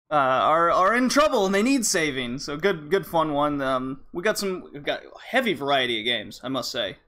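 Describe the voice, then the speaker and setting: Chatty male podcast host, higher voice. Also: sharp tone. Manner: rambling, with frequent fillers. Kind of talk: casual podcast chat.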